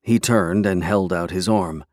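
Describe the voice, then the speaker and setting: A man reading scripted narration for an audiobook in a measured, even way. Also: low-pitched, no echo, clean studio sound.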